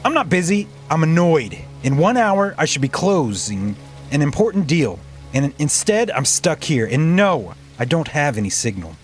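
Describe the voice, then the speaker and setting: A man's voice: fairly high pitch, big pitch swings, moderate pace, faint music behind. Man putting on a haughty, impatient businesswoman. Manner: cold and clipped.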